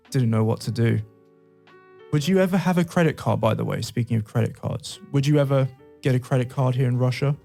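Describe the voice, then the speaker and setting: Gravelly, mellow British man chatting. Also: mid-range voice, fairly quick, faint music behind. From England. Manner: laughs often, storytelling with asides. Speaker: podcast co-host. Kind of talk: casual chat.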